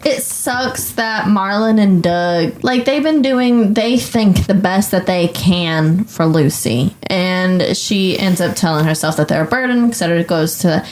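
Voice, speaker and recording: A woman's voice: on the low side, a little slow, few pauses, darkish tone, a little hiss or hum. A woman co-hosting a podcast, chatting casually and thinking aloud with frequent restarts. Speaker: podcast co-host. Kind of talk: casual chat.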